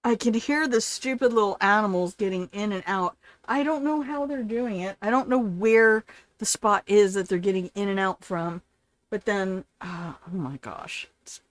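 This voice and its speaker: A woman's voice: medium pitch, no room sound. An older woman hosting a live game stream, chatting playfully and answering her chat as she plays.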